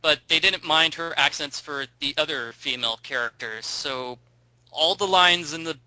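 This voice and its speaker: A man's voice: on the high side, normal speed, sharp tone, dry recording, poor audio. A man hosting a casual chat, digressive and talkative, thinking aloud with frequent ums.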